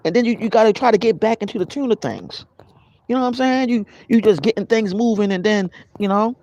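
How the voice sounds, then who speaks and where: A man's voice: sits high, brisk, lo-fi sound. A man giving a casual motivational spiritual talk to his viewers, greeting them by name as he goes. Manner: animated, conversational, addresses live viewers by name. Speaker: spiritual vlogger.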